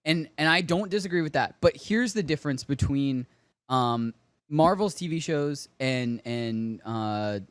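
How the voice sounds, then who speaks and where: A man's voice: a little high, lively intonation, a little slow, smooth, no echo. A man co-hosting a casual pop-culture podcast, giving eager, rambling explanations. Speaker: podcast co-host. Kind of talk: casual chat.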